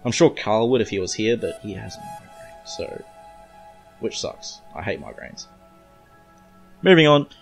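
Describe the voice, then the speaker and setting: An Australian man with a low voice recaps a comic book for his podcast. He rambles casually and drops in joking asides, with faint music underneath. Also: sing-song, unhurried, vocal fry, pauses often. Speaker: podcast host.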